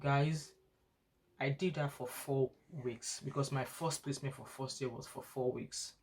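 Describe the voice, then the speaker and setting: With a rumbling low voice that's darkish, breathy at the edges, fairly even, and measured, a student nurse and mother recounts a long personal story in a casual vlog. An adult with school-age kids, she rambles, repeats herself, and frequently restarts sentences.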